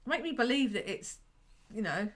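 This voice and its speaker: A woman's voice: a little high, lively intonation, moderate pace, a bit bright. A woman co-hosting a casual film review podcast, chatty and laughing often, full of filler words. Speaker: podcast co-host.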